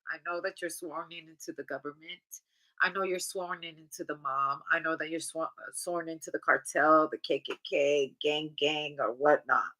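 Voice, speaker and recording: A woman's voice: deep voice, fairly even intonation, moderate pace, pushed and bright, rough recording. A woman giving a casual tarot reading in a blunt, chatty, profane way. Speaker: tarot reader.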